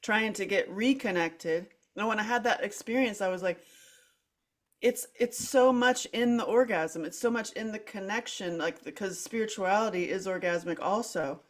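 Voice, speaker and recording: Woman, middle-aged, podcast host, candid storytelling, animated, filler-heavy, laughing. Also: mid-range voice, normal speed. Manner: animated, dramatic swings in loudness, acts out her own quoted lines; frequent "like" fillers and restarts, laughs through speech.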